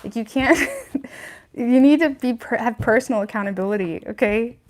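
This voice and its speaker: A woman's voice: on the high side, moderate pace, darkish tone, slight background noise. A woman giving a casual livestream tarot reading, chatty and frank, with lots of "like" and "you know what I mean," laughing between points. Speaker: tarot reader.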